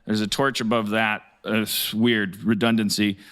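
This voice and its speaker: A man narrating a tabletop game as game master, making up the scene as he goes and pausing often to find his words. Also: on the low side, little pitch movement, a bit bright. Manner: halting, searching for words.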